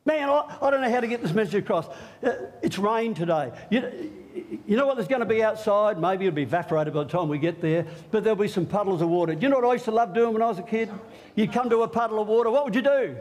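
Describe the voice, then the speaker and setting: A middle-aged pastor with a high-pitched voice talks fast as he preaches an Easter sermon in church. He's animated and joking, drawing the congregation in and talking with them.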